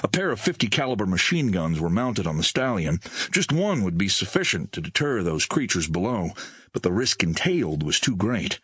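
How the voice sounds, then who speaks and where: A man reading an audiobook in a recording studio with measured storytelling on a close mic. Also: deep voice, big pitch swings, a bit bright, husky, no echo. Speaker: audiobook narrator. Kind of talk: scripted audiobook narration.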